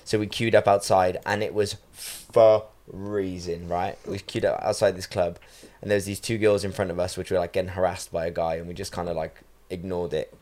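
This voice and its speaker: Chatty young man, low voice. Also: flat delivery, normal speed, a little mellow. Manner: chatty storyteller, jokey, laughs often. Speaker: podcast host. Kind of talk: casual podcast chat.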